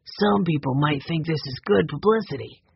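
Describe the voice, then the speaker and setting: A storyteller voicing a calm, sensible older brother who patiently explains things. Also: mid-range voice, normal speed, creaky, slightly rough, no room sound, highs cut off. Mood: explaining.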